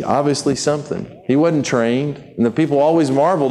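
A man preaching a sermon in a conversational, animated way, acting out the people he quotes in his own voice. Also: medium pitch, a little fast, hardly any pauses.

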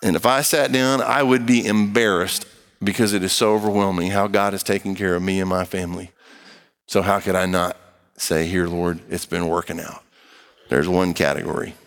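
A pastor preaches and reads scripture aloud in a large hall, his low voice fairly even in intonation and brisk in pace. He speaks to the congregation emphatically and conversationally, slipping in playful acted-out asides.

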